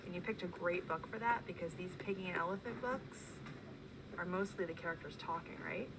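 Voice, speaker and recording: A woman's voice: lowish voice, a little fast, noisy background. A woman teacher in a one-on-one reading conference with a child, patient and encouraging, prompting with questions.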